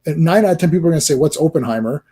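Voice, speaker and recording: A man's voice: on the high side, lively intonation, rapid-fire, mellow, husky. A man hosting a casual livestream, ranting animatedly about movies with many restarts and fillers. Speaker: livestream host.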